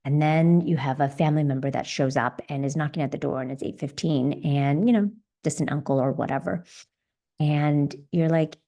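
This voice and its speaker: Warm-voiced woman coaching, earnest and encouraging. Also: fairly low pitch, moderate pace. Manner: earnest, encouraging, uses everyday examples. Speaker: podcast host and leadership coach. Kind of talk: solo podcast monologue.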